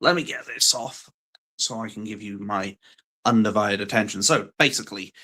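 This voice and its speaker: A man's voice: on the low side, moderate pace, sharp tone, husky. A man talking casually on a live stream in a rambling, self-deprecating, wry way.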